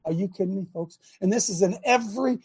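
A middle-aged man hosting a talk show, delivering a sarcastic, impassioned rant in a preaching style, swinging between shouting and muttering. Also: high-pitched, fast, husky. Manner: sarcastic, mocking.

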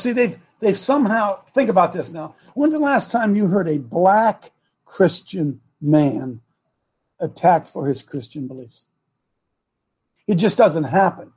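A male talk show host preaches into a studio microphone in a rather high voice. His voice is husky. He speaks emphatically, repeats key lines and draws them out slowly for weight. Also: darkish tone.

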